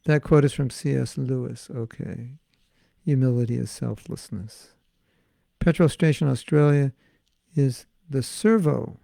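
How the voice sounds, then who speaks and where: A man's voice: medium pitch, unhurried, gravelly, warm tone, no echo. An American man, a spiritual teacher, giving an online class with questions and answers, playful, often acting out little dialogues and laughing. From United States.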